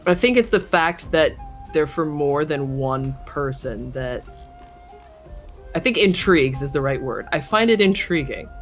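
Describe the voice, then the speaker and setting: A man's voice: fairly high pitch, lively intonation, measured pace, fairly bright tone, soft background music. A man with a mixed Irish and American accent, co-hosting a casual late-night podcast chat, tired and a bit drunk, rambling and cutting himself off. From Ireland. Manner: rambling, self-interrupting, loopy. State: tired and tipsy. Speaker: podcast co-host.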